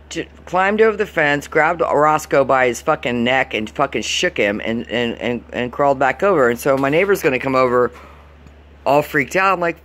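In this angry venting rant, a male vlogger from Florida complains to the camera with constant swearing and obvious frustration. He speaks in a mid-range voice, fairly bright in tone, sounding exasperated and heated throughout.

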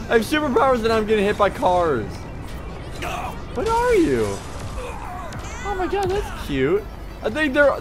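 High, lively-voiced excitable gamer man. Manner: excitable, yelps and laughs at the game. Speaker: gaming channel host. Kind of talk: let's-play game commentary. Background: game music and sounds.

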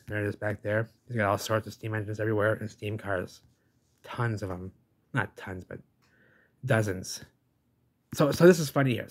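A man with a voice on the low side rambles casually through reaction commentary on a video. He's enthusiastic and chatty, addressing listeners as "folks" and "baby."

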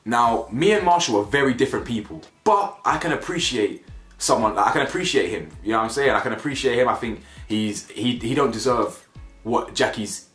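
A man's voice: mid-range voice, expressive, a little fast, fairly bright tone. Guy ranting about a reality show, slangy and blunt, echoey room. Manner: blunt, slangy, repeats himself for emphasis. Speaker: reality TV reviewer. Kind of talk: casual opinionated commentary. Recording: echoey room with faint music.

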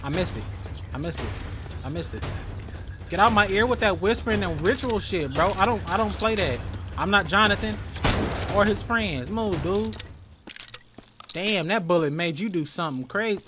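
A man giving loud, joking let's play commentary, trash-talking the enemies in his game. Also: sits high, lively intonation, normal speed, background noise. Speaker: gaming streamer.

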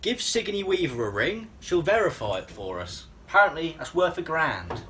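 A man, co-host of a metal detecting vlog, telling mock-excited silly stories out in a field. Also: on the high side, moderate pace, a little hiss or hum. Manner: lively mock-excited storytelling. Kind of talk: jokey banter. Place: open field outdoors.

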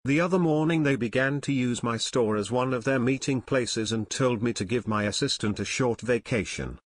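A man's voice: mid-range voice, normal speed, close to an everyday voice. A man reading a frightened male costume dealer who speaks shakily and brokenly, in an audiobook. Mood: confessing. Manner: shaky, broken, pleading.

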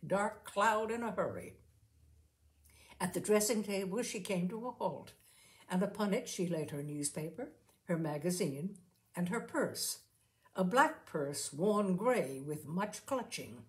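A woman reading a short story aloud as host of her own show, unhurried and expressive. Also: mid-range voice. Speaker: story reader and podcast host. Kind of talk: scripted narration of a short story.

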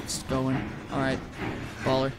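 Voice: mid-range voice, completely flat delivery, unhurried. A streamer playing a horror game live, chatting and swearing, breaking into shrieks when startled.

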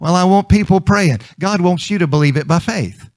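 A man's voice: high voice, moderate pace, a little mellow, no room sound. A male preacher delivering a conversational sermon, emphatic and repeating his points.

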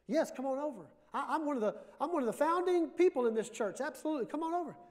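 A man's voice: very high-pitched, expressive, quick pace, darkish tone, voice pushed up. A man putting on a flustered old grandma. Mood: indignant. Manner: stammering, protesting. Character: flustered elderly church grandmother, indignant. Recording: reverberant church hall.

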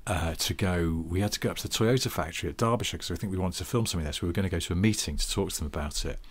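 Low, husky man telling stories. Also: racing. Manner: swearing, anecdotal storyteller. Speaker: podcast co-host. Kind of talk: casual chat.

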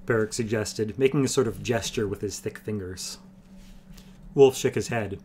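A man reading a fantasy novel aloud on a livestream, in a steady storytelling manner. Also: lowish voice, normal speed, breathy edge. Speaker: livestream book reader.

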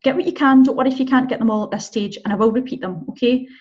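A woman's voice: on the high side, racing, a little mellow, dull audio. A woman teaching a beginners' Spanish lesson, often checking in with the learner. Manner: encouraging, checks in with "okay?" and "right?". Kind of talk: online language lesson.

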